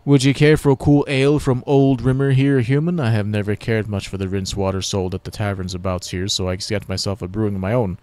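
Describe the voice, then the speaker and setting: A man's voice: fairly low pitch, steady tone, a little fast, hardly any pauses, darkish tone, lightly acted. A man voicing a friendly old male dwarf who sells his home brew.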